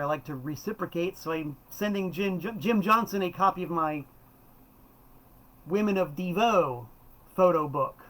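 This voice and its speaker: A man's voice: on the high side, a bit bright, rough recording. Enthusiastic rambling man in his fifties. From South Florida. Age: 50s. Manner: rambling and enthusiastic, self-correcting. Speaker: host. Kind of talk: casual monologue about records.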